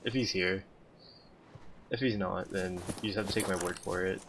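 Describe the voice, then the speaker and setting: A man's voice: sits low, steady tone, moderate pace, noisy background. A young man streaming a game, chatting with his viewers in a sarcastic, talkative way. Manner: sarcastic, chatty, talks to chat. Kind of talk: casual gameplay commentary.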